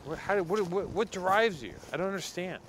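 A man's voice: high voice, expressive, a bit bright, slight background noise. A man from Los Angeles, co-hosting a podcast, complaining sarcastically to his friend on an outdoor hike. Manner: exasperated, sarcastic, quick complaints. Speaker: podcast host. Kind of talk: casual chat outdoors.

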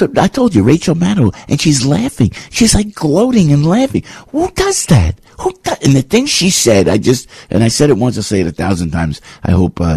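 A male radio host delivering a rambling, sarcastic monologue full of mocking rhetorical questions and sudden leaps up in pitch. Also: creaky, darkish tone, breathy edge, no echo, studio quality. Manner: rambling, with frequent restarts and asides.

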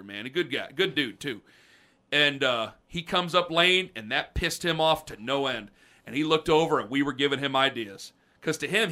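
A man co-hosting a sports podcast, telling a story casually and acting out the quotes. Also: fairly high pitch. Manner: animated, acts out quotes, shouts and drops to mutters. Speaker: podcast co-host.

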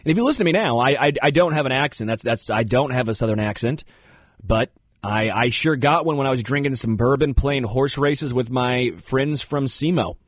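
A man hosting a talk show, telling rambling, animated stories in casual studio banter. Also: mid-range voice, normal speed, no echo. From Kansas City area. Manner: rambling, animated storyteller who jumps into funny voices. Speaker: radio show host.

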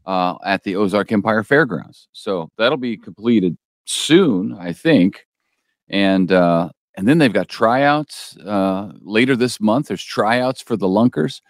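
A man's voice: lowish voice, no room sound, clean studio sound. A man co-hosting a casual local news show, easygoing and teasing, with frequent fillers.

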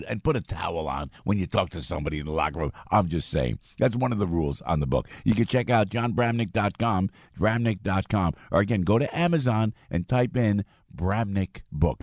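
Older male talk radio host, New Jersey accent, low and chatty, dry studio sound. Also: no room sound. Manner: chatty, rambling, excitable. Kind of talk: talk radio host reading live ads. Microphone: studio mic.

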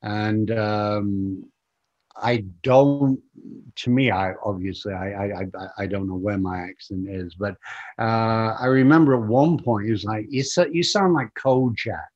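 A middle-aged man from northern England with a Lancashire accent worn down by years in America, thinking aloud in a relaxed interview and often repeating his words. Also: on the low side. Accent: Lancashire, softened by decades in America. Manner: reflective, halting, repeats words when starting. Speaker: guest musician. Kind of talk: casual interview chat. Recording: muffled lo-fi audio.

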